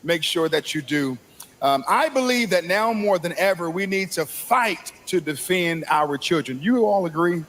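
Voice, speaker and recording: Impassioned high-pitched preacher man. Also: animated, slight background noise. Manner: slow, rising to impassioned shouts, drawn-out phrasing. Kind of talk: sermon.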